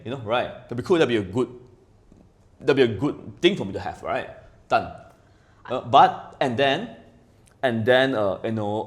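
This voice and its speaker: A man with a fairly low pitch chats casually as a guest on a podcast. He rambles, swears a lot, keeps asking "right?", and swings between loud and quiet.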